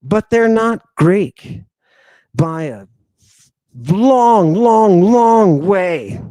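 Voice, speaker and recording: A man with a darkish tone lectures his live audience on ancient texts in a slow, drawn-out delivery, close-miked and dry. Hosting a podcast, he speaks emphatically, keeps asking "right?" and "do you understand," and swings from low murmurs to raised exclamations in this animated lecture.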